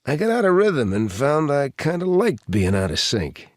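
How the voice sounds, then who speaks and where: A man's voice: a little high, sing-song, moderate pace, no room sound, clean studio sound, pitched above the performer's own voice. A male narrator voicing a joking, easygoing man in his mid-forties.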